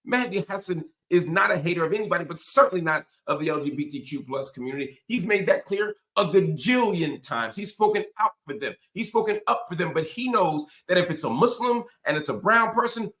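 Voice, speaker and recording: A man's voice: high-pitched, lively intonation, brisk, few pauses, a bit bright, echoey room. Impassioned man, political commentary. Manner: impassioned, emphatic, repetitive rhetorical. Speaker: host.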